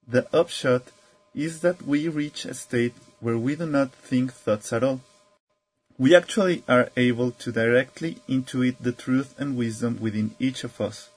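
A man speaking calmly and reflectively as a spiritual teacher, telling a story in a measured way. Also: medium pitch, breathy edge.

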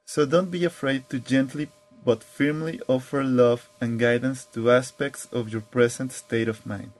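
A man narrating spiritual guidance and a parable in a gentle, measured, earnest way. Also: mid-range voice, steady tone, rough recording.

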